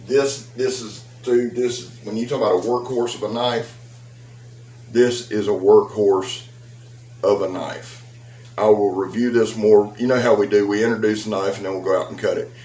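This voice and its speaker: A man's voice: on the low side, steady tone, normal speed, dark tone, distant mic. A man, chatting folksily in a rambling home vlog about knives, with his dogs around. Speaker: knife reviewer and seller. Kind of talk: casual vlog. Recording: echoey room, voice off-mic.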